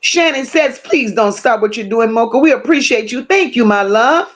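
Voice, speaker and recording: Blunt, high-voiced woman livestream host. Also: animated, normal speed. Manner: blunt, emphatic, greets viewers by name. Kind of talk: casual livestream commentary reading chat.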